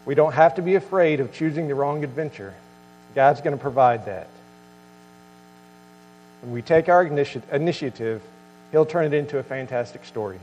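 Pastor in a reverberant hall. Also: male voice, on the high side, normal speed, pauses often, a little mellow, a little hiss or hum. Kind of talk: sermon.

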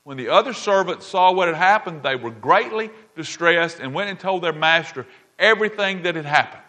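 Male pastor, preaching: bright, forceful delivery that drives home each point by repeating it. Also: high-pitched, animated, moderate pace. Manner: emphatic, repeats key lines, checks in with the audience. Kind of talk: sermon.

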